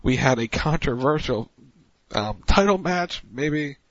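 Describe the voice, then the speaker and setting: Husky male host, joking around and stumbling over his words, on a dry, slightly muffled internet radio mic. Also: medium pitch, expressive, measured pace, dry recording. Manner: loose, joking, often repeats himself. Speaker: host of a wrestling talk radio show. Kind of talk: casual chat.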